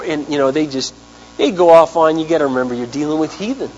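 A man preaching a sermon, telling a story in an animated way and acting out the people he quotes. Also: fairly high pitch, fast talker, lo-fi sound. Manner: animated storyteller, acts out quotes, big swings in loudness. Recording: hum with long hall reverb.

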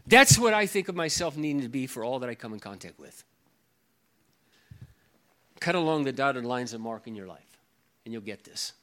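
A man's voice: medium pitch, very animated, moderate pace, pauses often, bright, forceful tone. A middle-aged man preaching a sermon as pastor, emphatic and given to repeating his key phrases.

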